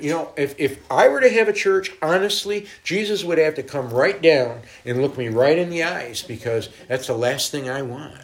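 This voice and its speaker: A middle-aged man, a guest minister, telling stories in a casual interview, acting out quotes and laughing often. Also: medium pitch. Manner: animated storyteller, voices quotes, laughs often.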